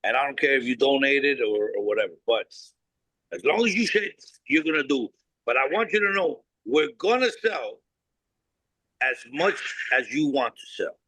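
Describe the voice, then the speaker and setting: A bright, forceful man tells stories in an interview with no-nonsense bluntness, acting out both sides of past conversations and swearing freely. His voice is close and dry, with no room sound at all. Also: medium pitch, sing-song, normal speed, no echo, poor audio. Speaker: cigar company founder, guest. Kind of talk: animated storytelling interview.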